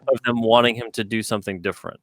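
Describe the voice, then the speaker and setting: A man's voice: mid-range voice, steady tone, fast talker, no echo, poor audio. Easygoing male guest, dry sound. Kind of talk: casual chat.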